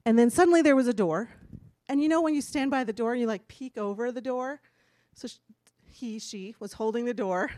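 A woman's voice: fairly high pitch, fairly quick, mellow, no room sound, studio quality. A woman giving a candid, chatty personal testimony from a church stage, laughing now and then as she talks. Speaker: speaker giving a church talk.

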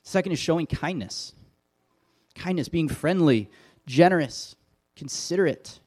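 A man's voice: a little high, animated, measured pace, darkish tone, breathy edge. A middle-aged man from Wisconsin giving a sermon, telling stories with self-deprecating humor in an easy conversational way. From Wisconsin, USA. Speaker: pastor.

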